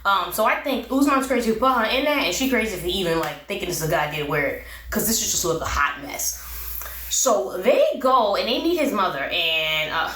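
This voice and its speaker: A woman's voice: mid-range voice, lively intonation, a little fast, pushed and bright, slight background noise. A woman giving a chatty, sassy recap of a TV episode, laughing often. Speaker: recap vlogger. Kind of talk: casual review chat. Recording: echoey room, voice a bit far from mic.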